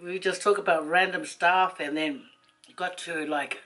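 A woman, a vlogger telling a rambling personal story to camera, chatty and quick to laugh. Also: fairly low pitch, fairly even intonation, fairly bright tone, low-quality recording.

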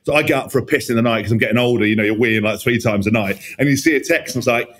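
Husky fast-talking man. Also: medium pitch, fairly bright tone. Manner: swearing, rambling anecdotes. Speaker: podcast co-host. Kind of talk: casual sports chat.

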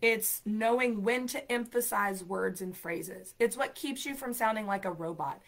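Speaking a little slowly in a fairly high voice, an ESL program coordinator who hosts a show offers exam tips during a live stream. She comes across as upbeat and chatty, leaning on emphasis and lots of filler words.

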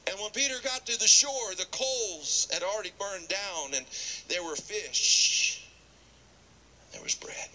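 A man preaching a sermon, animated, acting out scripture dialogue and dropping to a whisper at times. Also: high voice, measured pace, rough recording.

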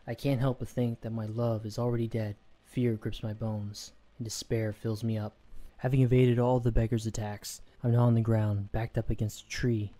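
A man narrating a first-person horror story in a steady, measured way. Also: fairly low pitch.

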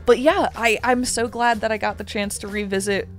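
A woman's voice: mid-range voice, steady tone, brisk, faint music behind. A woman co-hosting a game playthrough, chatting casually with a hesitant, sentimental way of repeating her words. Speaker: co-host of a gaming channel. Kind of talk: casual let's play chat.

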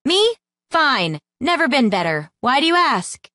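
A woman reading an audiobook, voicing a jealous young woman who snaps back loudly and sarcastically. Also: fairly high pitch, sing-song, normal speed, no room sound, voice pushed up. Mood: sarcastic outburst. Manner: loud, sarcastic, snappish.

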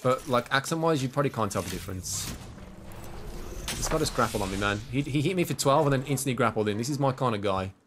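Brit male streamer, faint Brummie, lively up-and-down delivery, noisy game sound beneath; excitable live gameplay chatter. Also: mid-range voice, fast talker. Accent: light Brummie, mostly suppressed. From Birmingham, England. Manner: excitable, chatty, shouts at big moments. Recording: noisy game audio under voice.

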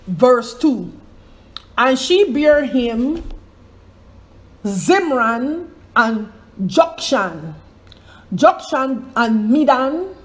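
High-voiced woman teaching scripture slowly. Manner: digressive, asks rhetorical questions, spells out names. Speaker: Bible teacher. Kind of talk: informal Bible teaching.

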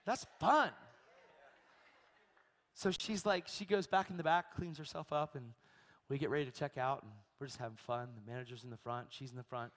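A man preaching a sermon, telling a story with animated energy and acting out the people in it. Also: mid-range voice, moderate pace. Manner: animated storytelling, acts out voices, shrieks in quotes. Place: large church hall. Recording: long hall reverb.

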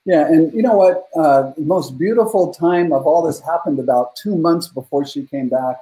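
This man in his fifties speaks with a soft, mellow tone that sits slightly high for a man. He is an earnest podcast guest with a few "uh" fillers. The recording has a noticeably echoey room sound. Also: moderate pace. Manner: heartfelt, earnest, frequent "uh" fillers. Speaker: guest, leadership coach. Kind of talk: podcast interview storytelling.

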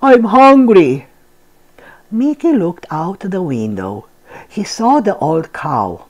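An older woman hosting a storytime channel, reading a picture book aloud to children in a gentle, expressive way. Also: fairly low pitch, takes it slowly.

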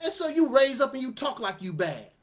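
In a very high voice and at a fairly quick clip, a man delivers casual commentary as a channel host. He comes across as energetic and preachy, often laughing and repeating himself.

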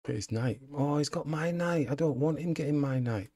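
A man's voice: a little high, moderate pace, noisy background. A man commenting casually on his own chess game, muttering frustrated remarks to himself. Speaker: chess streamer.

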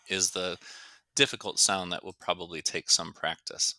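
A man's voice: low voice, level tone, pushed and bright, dry recording. A man teaching an English lesson, explaining grammar and carefully stretching out words to show their pronunciation. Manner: slow, careful, demonstrates words by stretching them out.

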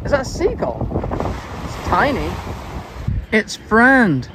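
Man, travel vlogger, slightly high voice, walking tour commentary, noisy outdoors. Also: huge pitch swings, takes it slowly. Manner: chatty, pointing things out as he walks. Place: outdoors, on a beach and vineyard paths. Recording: outdoor noise behind the voice.

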